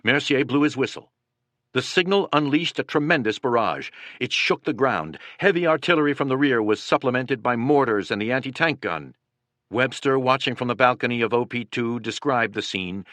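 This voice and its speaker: A man narrating a war history audiobook in a steady, dramatic reading. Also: mid-range voice, moderate pace, no room sound. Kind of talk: scripted narration.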